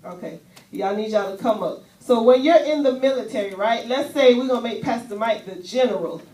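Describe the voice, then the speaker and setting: Woman preacher, higher voice, animated and chatty, miked from a distance in a roomy church. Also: fairly quick. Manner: animated, conversational preaching with casual asides. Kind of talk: sermon with volunteers on stage. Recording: echoey church room, voice from afar.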